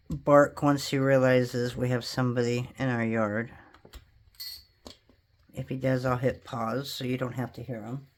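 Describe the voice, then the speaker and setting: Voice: mid-range voice, flat delivery, unhurried, a little hiss or hum. Chatty home crafter talking through a clay project. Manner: chatty, self-deprecating, talks to viewers while working. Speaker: polymer clay craft tutorial host. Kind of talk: casual thinking-aloud craft demonstration.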